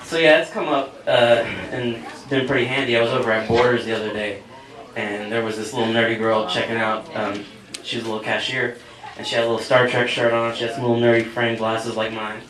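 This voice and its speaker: A man's voice: mid-range voice, little pitch movement, brisk, a crowd in the background. A young man doing a stand-up set in a small cafe, rambling and self-mocking with lots of fillers. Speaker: stand-up comedian. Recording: echoey room, mic from far off, audience laughter. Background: audience laughing.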